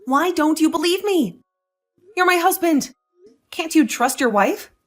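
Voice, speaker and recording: A woman's voice: very high voice, lively intonation, a little slow, soft background music. A woman playing an indignant, defiant young wife. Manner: indignant, sarcastic. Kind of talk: voiced drama story.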